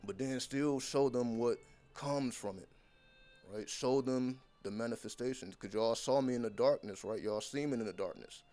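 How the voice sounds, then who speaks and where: A man's voice: mid-range voice, normal speed, mellow. A man talking straight to his viewers as a content creator, delivering an unscripted motivational monologue that is blunt, intense and heavily profane.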